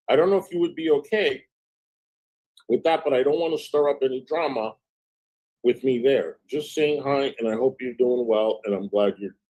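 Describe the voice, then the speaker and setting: A man chatting casually on his livestream while recounting a feud. He reads out old messages line by line, "she goes, I said," and drops into a lower, flatter tone for the quotes. He cleans up his swearing with "effing" and single letters. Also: poor audio. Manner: recounts chat messages in back-and-forth "she goes, I said" fashion. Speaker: livestream host.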